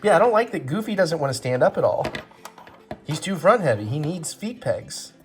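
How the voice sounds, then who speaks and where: A man hosting a home vlog, joking and thinking out loud while he puts a toy together. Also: on the high side, sing-song, moderate pace. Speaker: vlog host. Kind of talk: casual chat while assembling a toy set.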